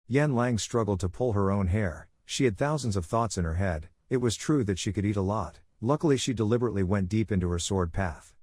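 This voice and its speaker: A man narrating a comic story recap in a steady, even scripted reading. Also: fairly low pitch, fairly quick, few pauses, no echo.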